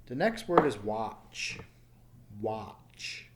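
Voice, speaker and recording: A man teaching English pronunciation in a recorded online lesson, slowly repeating each word clearly and patiently. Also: medium pitch, lively intonation, a little hiss or hum. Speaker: ESL teacher.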